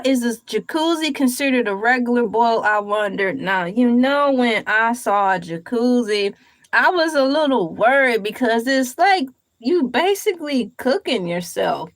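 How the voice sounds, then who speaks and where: A woman's voice: on the high side, animated, dry recording, rough recording. A woman hosting a casual livestream, reading a recipe aloud and riffing on it with playful, rambling jokes. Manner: playful, rambling, jokey asides; reads aloud slowly, then riffs on it. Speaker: livestream host.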